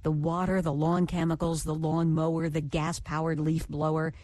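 A woman's voice: low voice, little pitch movement, normal speed, mellow, no echo. A woman correspondent delivering a scripted news feature in a conversational tone with playful questions.

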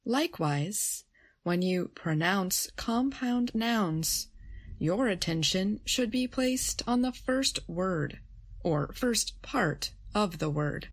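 A woman's voice: mid-range voice, animated, slow pace. A woman co-presenting a scripted grammar lesson, reading carefully and reading out example phrases. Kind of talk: scripted educational narration.

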